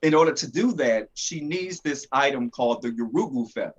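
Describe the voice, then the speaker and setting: A man, a comic creator, answering interview questions and explaining his story in a measured, relaxed way. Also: mid-range voice, slightly rough, dull audio.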